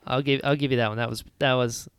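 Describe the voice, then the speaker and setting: A woman hosting a podcast, recapping a film in casual chat with lively retellings. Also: extremely low pitch, clean tone, no room sound, studio quality. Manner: animated retelling with quick character voices. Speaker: podcast host.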